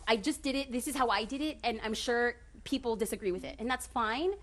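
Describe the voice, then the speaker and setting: Woman, casual seminar talk, direct and chatty, slightly high pitch. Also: pushed and bright. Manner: chatty, quick asides, laughs often; direct, self-described authoritative. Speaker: photography business speaker.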